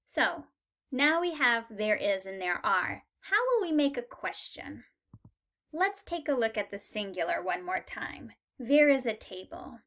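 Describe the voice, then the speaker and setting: A woman's voice: fairly high pitch, big pitch swings, measured pace, a bit bright. A woman teaching a beginner English lesson, modelling short sentences patiently and stressing key words. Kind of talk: slow, clear language lesson.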